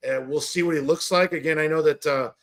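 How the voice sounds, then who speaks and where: A male podcast host talking wrestling in a loose, rambling way, with a voice sitting a little on the high side. He keeps circling back with fillers and restarts as he lays out the card. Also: steady tone, fast talker, fairly bright tone. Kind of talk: casual wrestling podcast chat.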